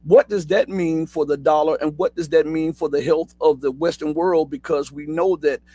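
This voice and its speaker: Male host, halting questions, slightly high voice, dry close sound. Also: steady tone, warm tone, no room sound. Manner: halting questions with many fillers and restarts. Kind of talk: live stream interview.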